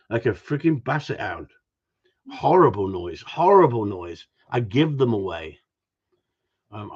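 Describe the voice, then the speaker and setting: A man's voice: medium pitch, a little mellow, breathy edge, muffled recording. A man, a gundog trainer chatting casually on a livestream, blunt and opinionated and given to repeating himself.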